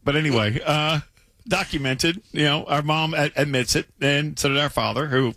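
A man co-hosting a sports radio show, talking in an animated, teasing way with stumbling restarts. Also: on the high side, moderate pace, dry recording. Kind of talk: casual sports radio chat.

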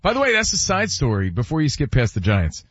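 A man's voice: mid-range voice, wildly swooping pitch, a little fast, a bit bright, slightly rough, no echo, muffled recording. A man hosting a sports talk show, leading the segment in a teasing, conversational way.

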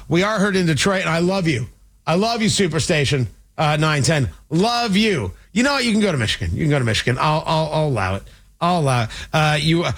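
Sarcastic radio host guy from indiana, high voice, goes off on tangents. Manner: sarcastic, animated, digressive. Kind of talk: political commentary.

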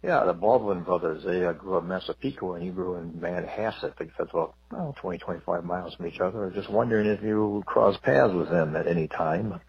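A man from Wisconsin calling in to a radio show, asking a friendly question haltingly. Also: low voice, husky. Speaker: caller. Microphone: phone. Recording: muffled phone-in line.

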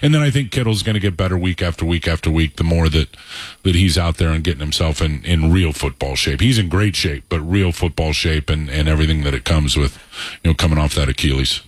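A man's voice: extremely low pitch, brisk, dry recording. A middle-aged man chatting casually on sports radio as a football analyst, telling rambling, digressive stories.

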